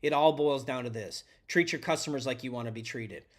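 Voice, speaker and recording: A man's voice: mid-range voice, a little fast. A man hosting a podcast, giving earnest, preachy advice to tradespeople and calling the listener his friend. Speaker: podcast host and electrician coach. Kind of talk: motivational talk to tradespeople.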